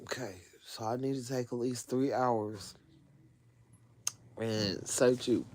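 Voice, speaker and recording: Slow-talking woman chatting on a livestream. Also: rumbling low, poor audio. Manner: animated storytelling with frequent laughter. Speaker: livestream host. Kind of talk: casual livestream chat.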